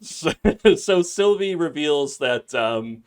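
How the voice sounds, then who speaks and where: A man's voice: a little high, slow, smooth. Male podcast co-host reading out a recap, casual, with fillers. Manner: steady recapping with frequent um and uh.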